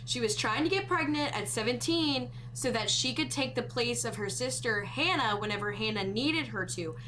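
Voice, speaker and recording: A woman's voice: on the high side, expressive, normal speed, sharp tone. An American woman doing chatty let's-play commentary, thinking aloud and humming bits of songs as she plays. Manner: chatty, thinks aloud, hums and sings snatches. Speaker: streamer. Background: music.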